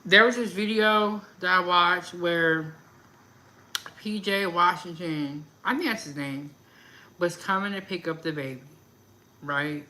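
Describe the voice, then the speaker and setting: A channel host speaks directly to her viewers about celebrity gossip in a loose, chatty, animated way, full of laughs, asides, and opinions. Her voice is bright and forceful yet on the low side, and the recording quality is poor.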